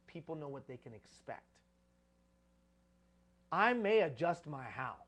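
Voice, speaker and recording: A man's voice: high-pitched, a bit bright. A man giving a live conference talk on leadership, preaching with repeated phrases for emphasis.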